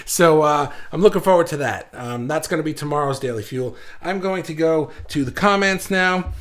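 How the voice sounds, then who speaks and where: A man's voice: on the high side, moderate pace, fairly bright tone. Rambling man hosting a live stream. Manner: loose and rambling, with many restarts and fillers. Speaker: host of a live online group session. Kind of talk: casual livestream talk, reading comments aloud.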